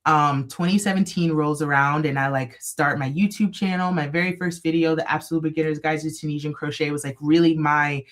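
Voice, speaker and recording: A woman guest telling a story in a casual live interview, animated and full of "like". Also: deep voice, a little fast, few pauses. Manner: animated, gushing, heavy "like" filler. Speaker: guest crochet designer.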